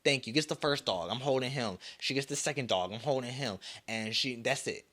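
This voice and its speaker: A man's voice: medium pitch, a little fast. Profane ranting young man podcaster. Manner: profane, animated ranting with mocking quoted voices. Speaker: podcast host. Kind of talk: solo podcast rant.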